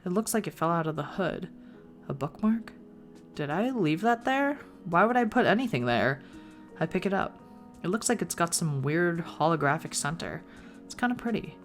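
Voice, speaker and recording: Woman, deep voice, visual novel read aloud, playful asides, soft background music. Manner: narrates in first person with playful asides. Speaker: gaming video creator.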